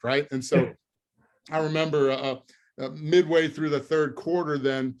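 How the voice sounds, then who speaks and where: A man in his fifties, a former football lineman, telling lively stories in an interview, often laughing and trailing into fillers. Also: on the high side, measured pace, smooth. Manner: lively storyteller, laughs through punchlines, many fillers. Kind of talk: storytelling interview.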